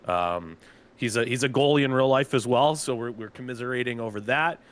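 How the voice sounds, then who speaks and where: A team general manager announces draft picks in casual live commentary, chatty and loose with lots of filler words. His voice is medium-pitched and fairly bright, and he talks a little fast.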